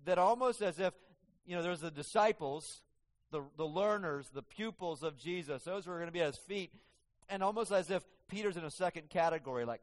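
A man preaching a sermon as pastor, swinging from hushed, low passages to emphatic, raised ones. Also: fairly quick, long reverb tail. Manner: dramatic, swings from hushed to emphatic, acts out quoted voices.

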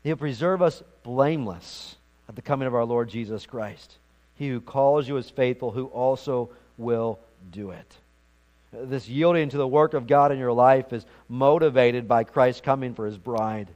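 A man's voice: mid-range voice, moderate pace, a little mellow, highs cut off. A man preaching a sermon as pastor, earnest and emphatic, often repeating words as he goes.

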